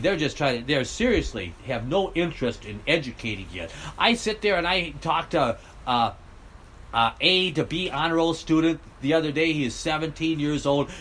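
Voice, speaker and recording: A man's voice: medium pitch, fairly bright tone, slight background noise, low-quality recording. A man ranting bluntly and sarcastically about politics, rambling on in a heated vlog. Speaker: political vlogger. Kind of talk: rambling rant.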